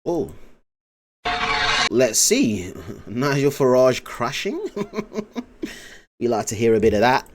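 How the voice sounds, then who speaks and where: A man's voice: mid-range voice, very animated, slow, pauses often, slight background noise. A man streaming live, rambling in casual commentary, swearing and laughing often.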